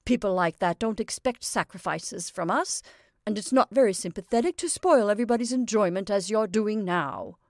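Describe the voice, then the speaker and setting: A woman's voice: medium pitch, lively intonation, measured pace, no echo, studio quality. A woman reading aloud, voicing a genteel middle-aged mother who talks in an airy, patronizing way.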